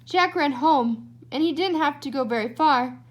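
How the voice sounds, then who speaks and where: A woman reading a children's storybook aloud, giving the narration an expressive lilt. Her voice is high and light. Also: moderate pace. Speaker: storybook reader.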